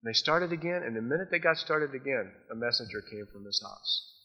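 A man preaching a sermon, retelling Bible stories in a casual, animated way and acting out the characters' lines. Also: mid-range voice, fairly quick, lo-fi sound. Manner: storytelling, acts out the voices of Bible figures. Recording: long hall reverb.

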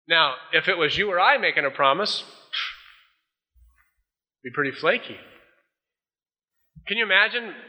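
A man's voice: fairly high pitch, lively intonation, moderate pace, pauses often, sharp tone. A male pastor preaching a folksy sermon, acting out the voices he quotes. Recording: dull old sermon tape in a large hall.

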